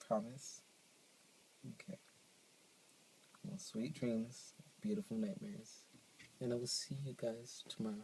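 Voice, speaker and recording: A young man chatting to camera in a vlog, telling stories in an animated, playful way, recorded on his phone. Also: on the low side, takes it slowly, long pauses, a little hiss or hum, low-quality recording. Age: young adult. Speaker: vlogger. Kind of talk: casual chat to camera.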